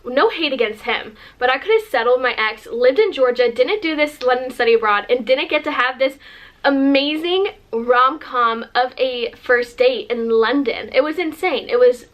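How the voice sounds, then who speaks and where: A woman's voice: high-pitched, highs cut off. A woman in her twenties from the United States tells a story to camera in a casual, gushing way, full of fillers. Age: 20s. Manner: gushing, animated, lots of fillers. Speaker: vlogger.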